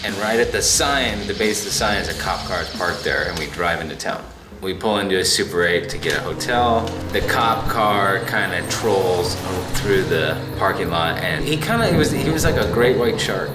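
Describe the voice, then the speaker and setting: A man's voice: low voice, expressive, moderate pace. A man recounting a road-trip jail story in a casual, drawling, profane way. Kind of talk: laid-back profane storytelling. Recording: echoey room with music behind.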